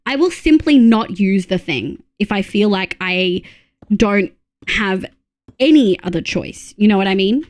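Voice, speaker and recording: A woman's voice: medium pitch, lively intonation, a little slow, a little mellow. An Australian woman streaming live, chatting casually with viewers as she plays, counting aloud under her breath and swearing freely. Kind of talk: casual live-stream chat while playing.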